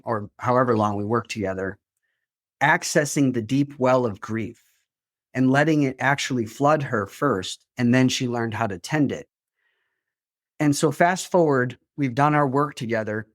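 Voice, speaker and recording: A man's voice: medium pitch, no echo. Guy therapist on a podcast, earnest, explains stuff, trips over words a bit, dry close mic. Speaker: therapist and grief coach. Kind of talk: interview guest explaining.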